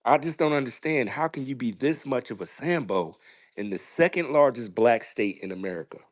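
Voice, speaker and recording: A man's voice: medium pitch, lively intonation, brisk, no room sound. A man calling in to a debate show, incredulous and repeating his points. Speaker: caller. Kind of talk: call-in debate.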